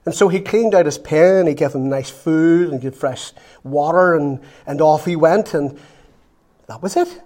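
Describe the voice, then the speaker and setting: A man preaching a sermon, telling a story with lively acted-out quotes. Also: on the high side, measured pace. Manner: storytelling, animated, acts out quotes.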